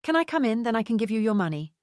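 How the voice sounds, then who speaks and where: A bubbly saleswoman with a strong Essex accent, put on by a woman reading a storybook, chirping her pitch in a raised, sing-song voice. It sounds dry and close, with no room around it. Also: sing-song, very fast, a little mellow, no echo. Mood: chirpy, salesy. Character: cheerful young woman posing as a saleswoman.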